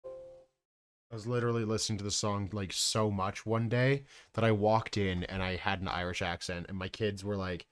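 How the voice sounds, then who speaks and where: A man's voice: on the low side, little pitch movement, brisk, no echo. A man streaming live as he paints miniatures, rambling casually, mocking himself and swearing freely into a close desk mic.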